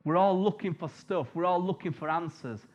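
High-voiced preacher, chatty. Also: male voice, normal speed, darkish tone. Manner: chatty, jokey, tells personal stories. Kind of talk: informal sermon. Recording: dull lo-fi recording.

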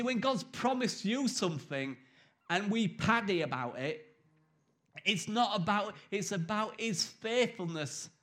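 A man's voice: sits high, fairly bright tone. A man preaching a sermon in a conversational, emphatic way, acting out quoted voices.

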